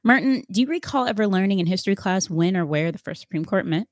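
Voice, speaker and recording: A woman's voice: mid-range voice, expressive, quick pace, no echo, clean studio sound. A woman co-hosting a podcast, explaining things carefully and steering the talk with questions to her partner. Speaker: podcast co-host.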